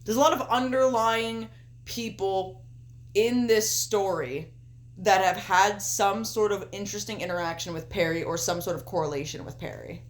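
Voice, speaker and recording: A woman's voice: medium pitch, moderate pace. A young woman co-hosting a casual podcast, talking at length in a loose, offhand way and swearing freely. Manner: casual, swears often, talks through her picks at length. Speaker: podcast co-host. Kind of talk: casual chat.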